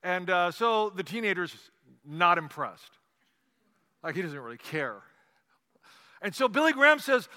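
Brief: male pastor, conversational and animated sermon, high bright voice, long hall reverb. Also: moderate pace. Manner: animated storytelling, conversational asides.

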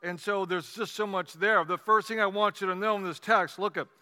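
Brief: male pastor, conversational and animated sermon, high bright voice, long hall reverb. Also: brisk, smooth. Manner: animated storytelling, conversational asides.

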